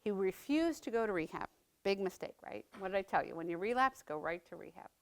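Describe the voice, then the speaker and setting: A woman's voice: medium pitch, animated, fairly quick. A middle-aged woman giving a personal testimony talk, conversational and earnest, often checking in with the audience by asking "right?". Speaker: speaker sharing her story as a mother.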